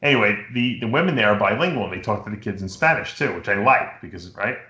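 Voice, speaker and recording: Middle-aged host from New York, low voice that jumps around a lot, rambling storyteller, roomy echo. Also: male voice, fast talker. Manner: rambling, animated storytelling with impressions. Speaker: podcast host. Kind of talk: casual chat.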